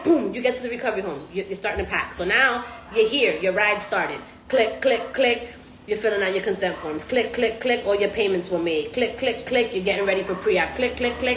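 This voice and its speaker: A woman's voice: on the high side, moderate pace, reverberant, a little hiss or hum. A woman hosting a casual live stream, slangy and profane, acting out other people's voices as she talks. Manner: animated, acts out patients' voices. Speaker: recovery house host.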